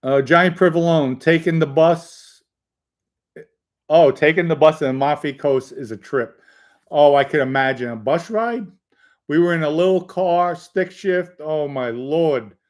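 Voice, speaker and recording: A middle-aged man with a fairly high voice speaks unhurriedly while hosting a casual stream, reading viewer comments aloud, joking with the chat, and rambling through stories.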